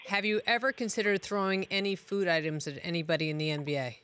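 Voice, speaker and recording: A man's voice: high-pitched, little pitch movement, quick pace, bright, forceful tone, slight background noise. A man hosting a sports talk show, asking teasing, upbeat questions.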